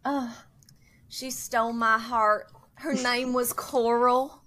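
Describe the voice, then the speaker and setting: A woman's voice: fairly high pitch, little pitch movement, slow, sharp tone. A woman co-hosting a podcast, chatting casually and bubbly, laughing often. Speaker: podcast co-host. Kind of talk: casual chat.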